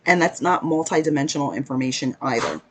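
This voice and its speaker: A woman's voice: low-pitched, animated, fast talker, slight background noise. A woman casually teaching a spiritual lesson to camera, earnestly recounting a story with frequent self-corrections.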